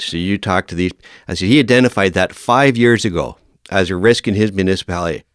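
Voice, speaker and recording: A man's voice: low voice, fast talker, clean tone, no room sound, studio quality. A man in his fifties, a veteran firefighter and podcast guest, telling stories in a casual interview and acting out the dialogue. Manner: lively storyteller who acts out quoted dialogue.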